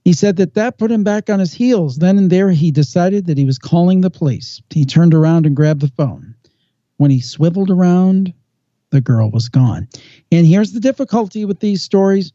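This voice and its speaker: A man telling an eerie first-hand report on a podcast, slowing down for dramatic effect. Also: sits high, expressive, mellow, no echo. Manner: measured storyteller with slow dramatic pauses. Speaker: paranormal podcast guest host. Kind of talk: storytelling on a podcast. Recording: dull lo-fi sound, dry.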